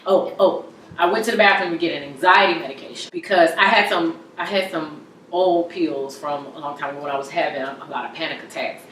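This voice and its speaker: A woman giving an emotional personal testimony in an interview, halting and tearful, her voice dropping very soft at times. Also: low-pitched. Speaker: interview guest. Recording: roomy echo from far off, faint hum.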